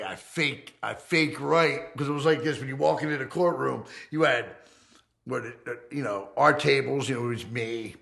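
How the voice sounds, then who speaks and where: A middle-aged man with a gravelly, creaky voice tells his stories bluntly, cursing freely. His pitch sits in a plain middle range. He jumps into shouting bursts when he acts out fights. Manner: profane, blunt, re-enacts heated confrontations with swings in pitch and loudness. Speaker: documentary interviewee recounting his past. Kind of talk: unfiltered storytelling in a fireside chat.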